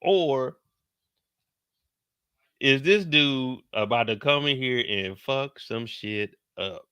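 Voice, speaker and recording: Male recap host, unhurried, slangy storyteller, crisp edge, no room sound. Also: mid-range voice, no room sound. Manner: slangy, animated, quotes characters in put-on voices; talks slower than in his live streams.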